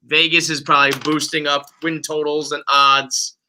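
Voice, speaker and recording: A man hosting a casual sports podcast, ranting profanely as an excited fan. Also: a little high, normal speed, slight background noise, rough recording. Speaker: podcast host.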